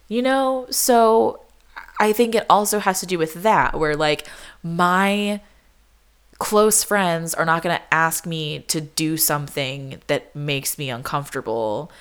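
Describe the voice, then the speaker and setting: Young woman, low voice, casual chat, lots of "like", podcast host. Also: clean tone. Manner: chatty, peppered with "like", acts out quotes.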